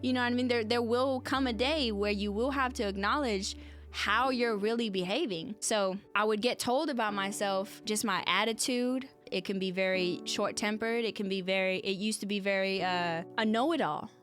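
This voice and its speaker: A woman hosts a reflective solo podcast, speaking earnestly and conversationally and often turning to address her listeners directly. Her voice is medium-pitched and a bit bright, at a moderate pace.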